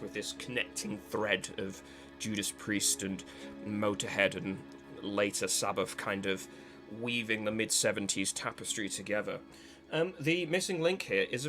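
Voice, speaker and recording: A man giving a spoken video essay as a music commentator, discursive and analytical, with frequent fillers and restarts. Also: on the low side.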